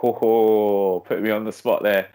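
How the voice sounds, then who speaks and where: A man's voice: fairly low pitch, takes it slowly, clean tone. A male podcast host, born in Zimbabwe and raised in Essex, talking reflectively with many fillers. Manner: reflective, rambling with fillers, animated when retelling. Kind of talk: casual chat.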